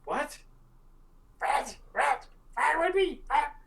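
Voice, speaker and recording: A man voicing panicky little male kobold saboteurs in a tabletop game, with a shrill, frantic squeak. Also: sing-song, slow, creaky, a bit bright, full character voice. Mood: startled.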